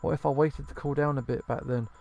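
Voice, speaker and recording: Man voicing a halting, uneasy bartender woman from a game, gravelly, soft game music behind. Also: medium pitch, steady tone, natural voice. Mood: regretful. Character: bartender woman, anxious and bitter. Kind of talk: reading game dialogue aloud.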